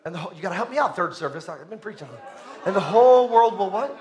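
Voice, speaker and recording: A male pastor preaching a sermon, shouting his declarations and calling on the congregation to answer back. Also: high voice, animated, quick pace. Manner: shouting, swinging between loud declarations and quiet asides; calls to the congregation for responses.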